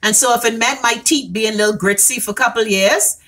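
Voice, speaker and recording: A woman's voice: on the high side, fast, a bit bright. A woman with a Bahamian accent hosting a casual live-stream wellness tutorial, talking bluntly, swearing freely and answering viewers' comments as she goes. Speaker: wellness vlogger.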